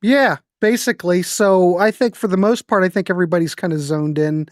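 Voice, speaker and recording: A man's voice: high-pitched, brisk, dry recording, studio quality. A man hosting a casual online music podcast over a video call, talking in a laid-back, wry way. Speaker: host.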